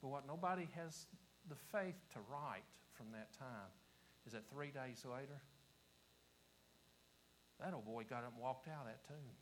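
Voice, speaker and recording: Appalachian preacher swinging loud to whispers. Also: male voice, medium pitch, normal speed, pauses often, a little hiss or hum, rough recording. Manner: swings from shouting to hushed whispers, repeats phrases. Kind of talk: revival sermon. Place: church service before a congregation.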